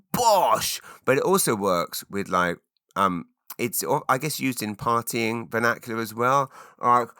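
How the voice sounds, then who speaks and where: Animated man with a low, sharp voice. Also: no room sound, studio quality. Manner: rambling and animated, with sudden loud exclaimed bursts. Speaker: podcast host. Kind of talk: solo chat answering listener questions.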